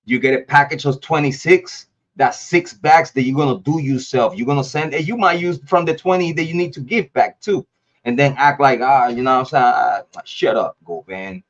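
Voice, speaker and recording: A heated man rants straight at the camera, swearing hard and tripping over his words as he repeats himself. His voice sits at an ordinary pitch. The audio comes through dull and lo-fi. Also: normal speed. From Ohio. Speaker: YouTube commentator. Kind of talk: angry direct-to-camera rant.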